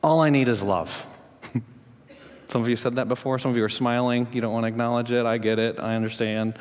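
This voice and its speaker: A man preaching a sermon as pastor, telling a story and asking the congregation questions, rising in pitch and volume to make his points. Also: fairly even intonation, a little fast, long reverb tail.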